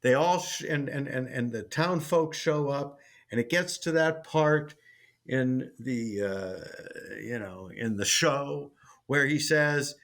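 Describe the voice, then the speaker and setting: A man's voice: medium pitch, takes it slowly, a bit bright. A man, a sitcom writer and teacher, telling a story in an interview, with frequent restarts.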